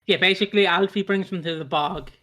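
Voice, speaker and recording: A man's voice: high-pitched, fast, fairly bright tone. A man hosting a podcast, chatting in a rambling, sweary, giggly way. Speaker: podcast host. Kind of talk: casual chat recapping a soap.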